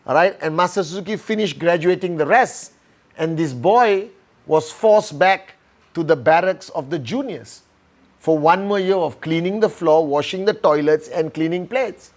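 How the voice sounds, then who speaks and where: A man's voice: high voice, animated, measured pace. A man giving a motivational training lesson by telling a story, often checking in with "all right?" and "okay".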